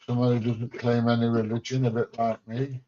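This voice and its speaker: Here a man from England runs a home livestream, bluntly and casually responding to viewer comments while joking and mildly swearing. His mid-range voice is dark and flat, delivered briskly over slight background noise, in dull lo-fi stream audio.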